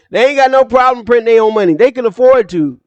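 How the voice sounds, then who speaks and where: A man ranting casually to camera about money, emphatic and slangy, with quick bursts and asides. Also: very high voice, no room sound, highs cut off. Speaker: finance YouTuber. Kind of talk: casual direct-to-camera rant.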